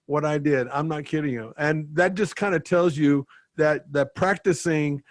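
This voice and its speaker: A man hosting a podcast, telling stage stories in a relaxed chatty way and acting out what others said. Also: on the high side, normal speed, no room sound. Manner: storytelling, animated when quoting others. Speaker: podcast host. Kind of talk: casual interview chat.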